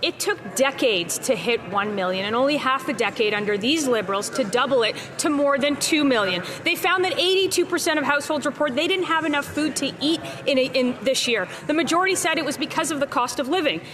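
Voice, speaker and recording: A woman's voice: high-pitched, a little fast, few pauses. A woman member of parliament asking a pointed, rhetorical question in the chamber. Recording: chamber crowd murmur behind.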